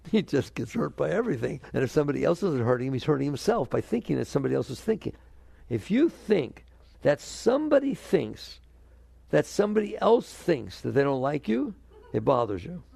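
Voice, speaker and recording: A man's voice: mid-range voice, creaky, warm tone, dry recording. An older man giving a spiritual talk to an audience, asking them questions and acting out inner voices. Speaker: spiritual teacher.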